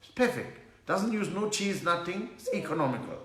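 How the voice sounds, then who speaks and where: A comedian playing an excitable, insistent male inventor in a told joke. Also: sits high, normal speed, roomy sound.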